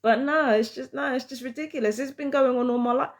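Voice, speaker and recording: Brief: woman vlogger, somewhat high voice, heated profane rant. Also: fast. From London, England. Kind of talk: casual monologue to camera.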